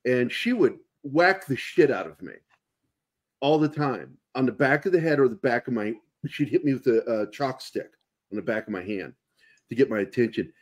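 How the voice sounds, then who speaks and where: A man hosting a casual interview chat, talking in an emphatic, animated way. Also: medium pitch, normal speed. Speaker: host.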